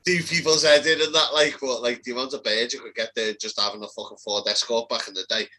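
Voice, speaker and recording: A young man with a Liverpool accent, co-hosting a casual chat and telling sweary, animated stories. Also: medium pitch, fast, low-quality recording. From Liverpool, England. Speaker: co-host.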